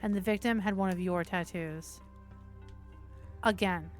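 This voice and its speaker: A woman's voice: lowish voice, measured pace, faint music behind. Woman reading a visual novel aloud. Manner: steady narration broken by casual swearing asides. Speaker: streamer, host.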